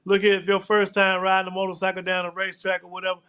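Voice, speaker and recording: A man's voice: high-pitched, completely flat delivery, pushed and bright, clean tone. A man hosting a live show, chatting loosely and tossing in "man" and "look here" all the time. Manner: casual, drawn-out, repeats "man" and "look here". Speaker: host.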